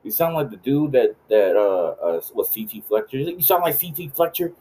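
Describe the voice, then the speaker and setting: A man's voice: sing-song, normal speed, dark tone, natural voice. A man voicing his own mother, an older woman scolding him in a raised, exasperated tone. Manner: exasperated, high-pitched scolding.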